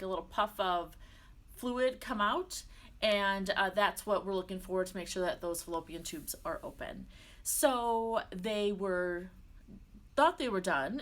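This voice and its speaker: A young woman vlogging, retelling a personal experience in a chatty, animated way, often saying "like" and laughing. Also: medium pitch. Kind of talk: casual personal vlog storytelling.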